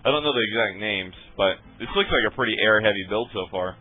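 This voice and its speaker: A man's voice: lowish voice, quick pace. A man casting a live video game match in a casual, laid-back way, laughing often and swearing now and then. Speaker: esports caster. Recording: tinny phone-like stream audio.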